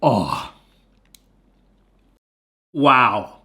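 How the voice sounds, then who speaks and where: Excitable chatty male cooking vlogger. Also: high-pitched, slow pace, pauses often, slightly rough. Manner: chatty, excitable, exclaims often. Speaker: cooking video host. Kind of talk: casual cooking vlog.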